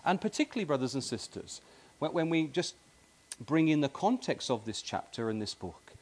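A man's voice: a little high, very animated, normal speed, darkish tone. A man preaching a sermon in a tent meeting, emphatic and repetitive, often addressing his listeners as brothers and sisters.

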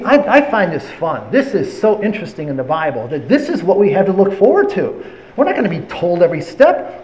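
A man preaching a sermon, retelling Bible stories in an animated, conversational way. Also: high voice, low-quality recording.

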